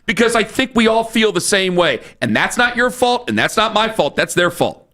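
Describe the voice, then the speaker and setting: A man's voice: high-pitched, very animated, normal speed, bright, forceful tone. A man hosting sports talk radio, ranting in a fired-up, repetitive, challenging way on a studio microphone.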